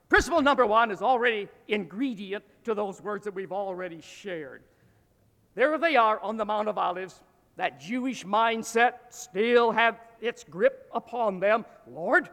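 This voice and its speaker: Emphatic older northern US preacher in hall. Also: male voice, high-pitched. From Illinois. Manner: emphatic, storytelling with swings in loudness. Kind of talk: sermon. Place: church sanctuary, at a pulpit.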